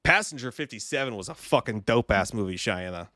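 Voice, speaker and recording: A man hosts a live movie news stream, chatting with viewers in a loose, excitable way full of swearing. His voice sits at a middle pitch, and the sound is dry and close. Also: brisk, no echo. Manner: excitable, profane, rambling. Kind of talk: casual live stream chat.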